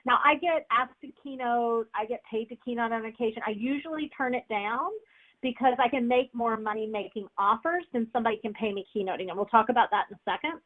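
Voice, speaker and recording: A woman teaching a webinar on public speaking, energetic and repetitive, often asking "right?" to check in. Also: fairly high pitch, fast. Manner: energetic, repeats key phrases, says "right?" often. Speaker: speaking coach. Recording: tinny phone-like audio.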